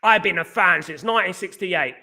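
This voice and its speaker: A man hosts a fan live stream, reading out chat comments in a blunt, repetitive, casual manner and peppering his talk with "mate" and "big up." His voice is high, brisk and gravelly, with background noise audible.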